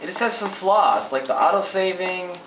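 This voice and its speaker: This man's voice is high, with lively intonation and a moderate pace, as he commentates live on a role-playing game. He rants profanely and often sounds fed up, while the echoey, far-off mic picks up noisy game sound and ambient background.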